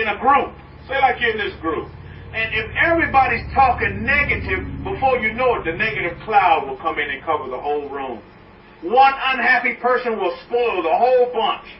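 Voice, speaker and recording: A man preaching a sermon as a rabbi, animated, swinging high and low, now chanting, now laughing along with his point. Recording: echoey room, mic at a distance, dull sound, faint noise.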